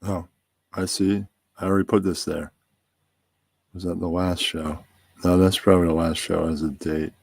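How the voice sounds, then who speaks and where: A man with a very deep voice hosting a casual pre-stream chat, rambling and relaxed while he sets up. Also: normal speed, creaky, pauses often, slightly rough, dry recording. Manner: relaxed, rambling, talks to himself while setting up. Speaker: podcast host.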